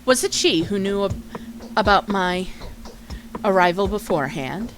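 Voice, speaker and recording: A woman streamer voices an ambitious male doctor from a dark video game, dropping her pitch a little. The reading is measured and slightly halting, with a faint hiss behind it. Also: lively intonation, natural voice, low-quality recording. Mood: wondering. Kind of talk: reading game dialogue aloud.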